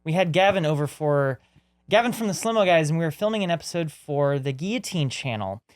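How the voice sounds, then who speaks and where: A man co-hosting a podcast, telling stories in casual chat with lively, rambling delivery. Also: on the high side, a little fast. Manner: rambling storyteller, animated. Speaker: podcast co-host.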